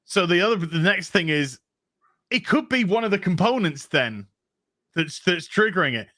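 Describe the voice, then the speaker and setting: A man's voice: sits high, moderate pace, no echo, clean studio sound. A man telling a rambling story on a casual livestream, out of breath after heavy lifting. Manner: rambling, animated storytelling with many restarts. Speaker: co-host.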